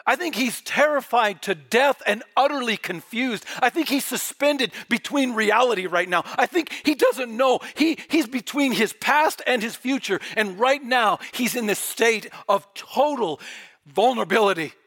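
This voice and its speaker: In an extremely high, animated voice at a normal pace, this preacher gives a theatrical sermon. He drops almost to a whisper before rising again in passionate outbursts.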